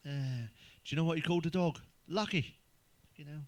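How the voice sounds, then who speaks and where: Sweary comedian telling crude jokes. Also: male voice, fairly high pitch, normal speed. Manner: blunt, sweary, chuckles at own jokes. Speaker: stand-up comedian. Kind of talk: crude joke-telling monologue.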